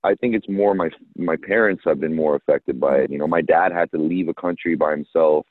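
A man with a very low voice chats casually, relaxed and joking, his sentences trailing into fillers. The sound is tinny and phone-like, dry with no room around it. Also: brisk, no room sound. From United States. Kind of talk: casual chat.

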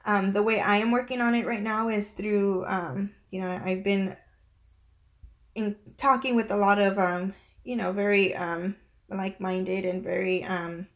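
A woman in her thirties speaks to her viewers in a confessional vlog. Her voice sits at an ordinary middle pitch. She talks in a halting way, close to tears, and often stops to restart her sentences. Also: steady tone. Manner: halting and tearful, many restarts and fillers. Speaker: vlogger.

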